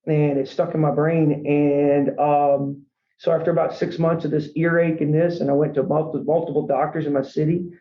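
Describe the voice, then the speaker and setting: A man tells his story as a podcast guest in an earnest, rambling way, his voice sitting fairly high. He sounds as if he is in a roomy, echoing space. The recording is dull and lo-fi. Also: flat delivery, normal speed. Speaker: franchise company CEO, podcast guest. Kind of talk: casual storytelling interview. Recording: echoey room, dull lo-fi sound.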